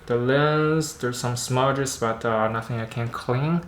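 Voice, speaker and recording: A man doing a casual unboxing vlog about camera gear, chatting in a halting way and thinking aloud as he handles the lens. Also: mid-range voice, fairly even intonation, a little hiss or hum. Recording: roomy echo.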